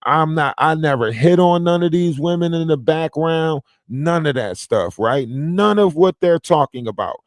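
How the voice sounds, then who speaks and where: A man's voice: fairly high pitch, animated, normal speed, hardly any pauses, no room sound, clean studio sound. A man hosting a livestream, talking casually and reading out messages, with an insistent manner and frequent "right?" tags. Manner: insistent, keeps adding "right?". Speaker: livestream host.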